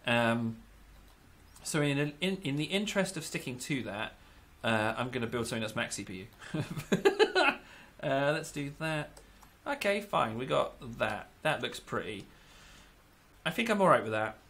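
With a mid-range voice that swings widely in pitch, a little slow and a bit bright, a man rambles and giggles through a let's-play build session. He's a gaming YouTuber who is somewhat sick and keeps mocking himself.

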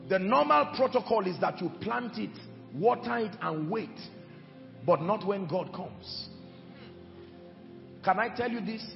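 A man preaching a sermon with emphatic delivery, moving between shouted lines and hushed ones. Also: high-pitched, lively intonation, unhurried, creaky, pauses often, muffled recording. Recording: echoey hall with music behind.

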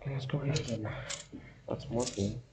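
A man's voice: medium pitch, a little fast, background noise. A young man giving a let's-play commentary on a horror game, muttering to himself and reacting nervously to scares. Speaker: gamer.

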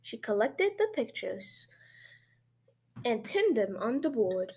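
A woman reading a children's picture book aloud in a gentle, expressive way. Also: a little high, takes it slowly, slight background noise.

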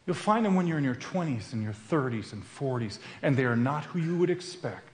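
A man's voice: mid-range voice, big pitch swings, brisk, few pauses. A man giving a sermon at a men's retreat, telling a personal story in an earnest way. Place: retreat camp meeting room. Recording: roomy echo.

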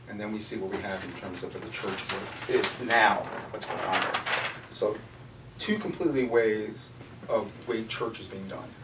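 Male group-study leader, casual and conversational, recorded from a distance in a roomy hall. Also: on the low side. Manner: conversational, asks the group questions. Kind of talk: casual teaching. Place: church meeting room. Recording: echoey room, distant mic, faint noise.

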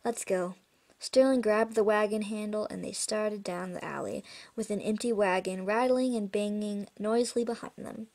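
A woman's voice: medium pitch, fairly even intonation, normal speed, a little mellow. Casual woman reading a chapter book. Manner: casual, with slips and self-corrections. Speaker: storybook reader.

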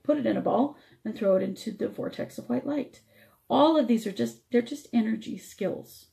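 A woman's voice: mid-range voice, vocal fry, dark tone. A woman radio host teaching spiritual energy techniques, explaining step by step while her voice struggles.

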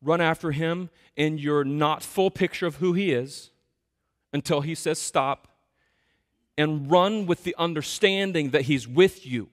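A male pastor preaching a sermon in a conversational, self-deprecating, animated storytelling way. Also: fairly high pitch, unhurried. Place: church sanctuary. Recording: long hall reverb.

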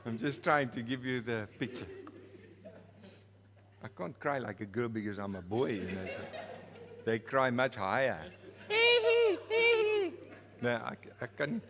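A man's voice: mid-range voice, moderate pace, long pauses, in a large hall, crowd noise. A man with a South African accent preaching a storytelling sermon in a church, playful and laughing at his own story.

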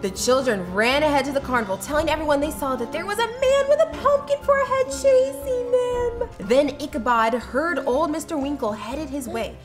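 A woman reading a children's story aloud in a playful, animated way, acting out sounds. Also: high-pitched, normal speed, hardly any pauses. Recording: music under the voice.

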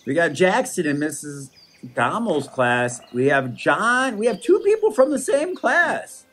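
A man's voice: sits high, big pitch swings, unhurried, fairly bright tone, breathy edge. A man hosting a school morning show, reading out announcements in a playful, jokey manner.

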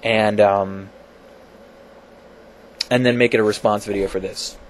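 A man's voice: fairly low pitch, steady tone, a little slow, slight background noise. A man talking casually in a science vlog from his home computer, rambling and self-deprecating, with many fillers and restarts. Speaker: video blogger.

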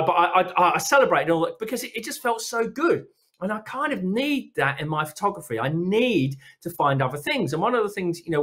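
Middle-aged man, upbeat presenter, slightly high voice, jokey and lively, stumbles and restarts a lot. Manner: energetic, jokey, lots of restarts. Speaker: wildlife photographer giving a talk. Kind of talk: enthusiastic presentation.

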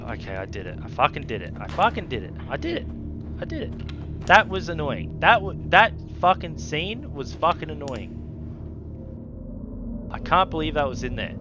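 A man commenting while playing a horror game, swearing a lot, grumbling when frustrated and yelling when something chases him. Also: fairly high pitch, big pitch swings, moderate pace, lo-fi sound, over music. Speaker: gaming video creator. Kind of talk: let's play commentary.

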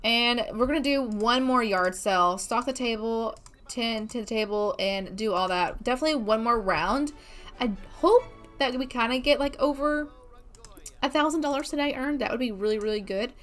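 A woman's voice: a little high, normal speed, soft background music. A woman hosting a casual gameplay let's play, gushing with bubbly exclamations as she plays.

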